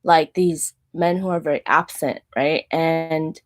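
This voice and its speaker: A woman's voice: low voice, fairly even intonation, unhurried. A woman in her thirties, the show's host, talking candidly about faith and dating and leaning often on "like". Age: 30s. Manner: candid, heavy use of "like". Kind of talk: personal faith talk.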